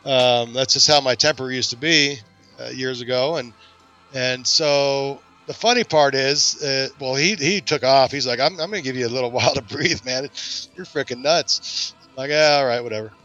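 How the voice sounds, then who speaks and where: A man's voice: medium pitch, moderate pace, highs cut off, soft background music. A man hosting a podcast, telling a long story in casual chat and acting out the voices of the people in it. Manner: animated, acts out quoted voices in his stories. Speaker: podcast host.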